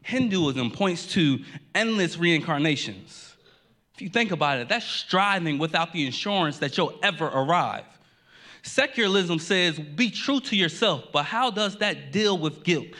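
A male pastor delivering a sermon in an earnest, emphatic way. His voice sits a little above the usual male pitch. He repeats key lines and sometimes stumbles into a quick restart. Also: expressive, sharp tone.

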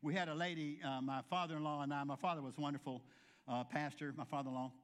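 A man preaching a sermon in a high-pitched voice. He tells homespun, funny stories and briefly acts out each person he quotes. His delivery is chatty and warm-humored. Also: steady tone, fast talker. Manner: folksy storytelling with humorous asides. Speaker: pastor.

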